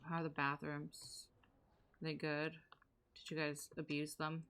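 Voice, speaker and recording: A young woman streams a game live, riffing on it in a sarcastic, joking way. Her voice sits on the lower side but has a bright, forceful edge. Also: monotone, unhurried, clear, resonant tone. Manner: sarcastic, joking banter with chat. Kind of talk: casual live gameplay commentary.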